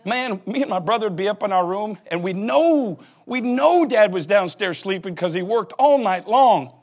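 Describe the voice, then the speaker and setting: A man's voice: high voice, expressive, moderate pace, slightly rough. A man in his forties, a pastor giving a humorous sermon and acting out little scenes as he laughs. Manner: joking storyteller who acts out voices and laughs.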